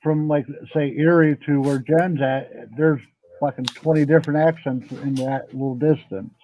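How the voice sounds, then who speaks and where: A man's voice: fairly high pitch, fairly even intonation, moderate pace, slight background noise. A man hosting a casual online panel, teasing and swearing freely. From United States. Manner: teasing, profane. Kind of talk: casual group chat. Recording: muffled, dull online audio.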